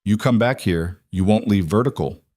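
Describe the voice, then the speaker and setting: A man's voice: lowish voice, moderate pace, mellow, no echo, studio quality, lightly acted. A man voicing a ruthless, mocking outlaw gang leader in a western story, with a taunting, menacing delivery. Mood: cold threat. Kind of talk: audiobook story narration.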